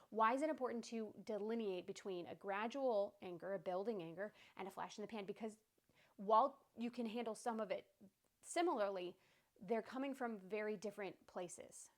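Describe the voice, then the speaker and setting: A woman in her thirties hosting a podcast on emotional healing, talking in a casual, reassuring way and checking in with "okay?" and "right?". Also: mid-range voice. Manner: conversational, reassuring, many "okay?" and "right?" asides. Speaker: podcast host. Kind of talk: casual self-help talk.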